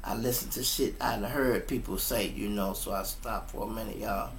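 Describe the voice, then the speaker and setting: A man casually telling a story to his listeners, animated and profane, often calling them y'all, speaking at his computer setup. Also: on the low side, moderate pace, a little hiss or hum.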